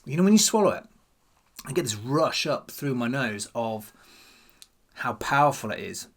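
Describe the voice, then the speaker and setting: A man runs his own whisky channel, talking casually to the camera and thinking out loud as he tastes. His voice sits at a medium pitch, is very animated, and moves at a normal pace.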